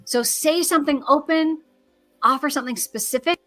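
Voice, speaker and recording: Woman, podcast guest, earnest, encouraging, clear bright tone, a bit high-pitched. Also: animated, normal speed, faint music behind. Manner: earnest and encouraging, giving practical advice. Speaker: podcast guest, grief educator. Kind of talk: conversational advice.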